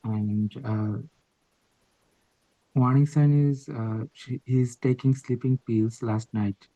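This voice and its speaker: A man on a mobile phone reading a practice hotline script aloud in a training session, pausing with "uh" fillers when he speaks freely. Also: medium pitch, fairly even intonation, dark tone, no echo. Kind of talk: reading a role-play script aloud, then answering. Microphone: mobile phone on a video call. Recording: dull, dry phone audio.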